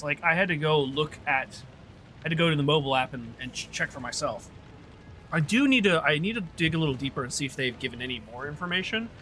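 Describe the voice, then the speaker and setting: A man's voice: a little high, sharp tone, slight background noise. A man streaming a game, chatting casually with his viewers in a rambling way, often trailing off and restarting. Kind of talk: casual livestream chat while gaming.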